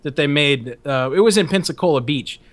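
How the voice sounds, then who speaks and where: A man hosts a podcast and tells long stories in a loose, profane, rambling way, laughing along as he goes. His voice sits a little higher than most men's. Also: a little fast, a bit bright. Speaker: podcast host. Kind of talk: casual storytelling chat.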